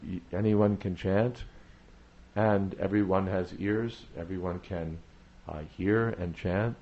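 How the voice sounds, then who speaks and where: A man giving a devotional talk on chanting, speaking in a measured way, pausing often with "uh" and repeating phrases for emphasis. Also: low voice, steady tone, dull audio. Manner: measured, repetitive emphasis with frequent "uh" pauses. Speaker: spiritual teacher.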